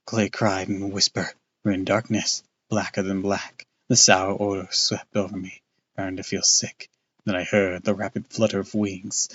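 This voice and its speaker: A man's voice: low-pitched, little pitch movement, moderate pace, fairly bright tone, breathy edge, dull audio. A man casually reading a book aloud on a live stream, loose and off-hand, with crude asides.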